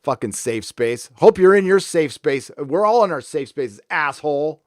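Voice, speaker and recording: A man hosting a live stream speaks in a slightly high, animated voice at a moderate pace, first ranting angrily with heavy profanity and then settling into casual chat with viewers. The recording is dry, with clean studio sound.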